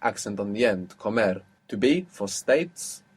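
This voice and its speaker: A man teaching an audio language lesson, patiently asking questions and repeating words slowly. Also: on the low side, animated, breathy edge.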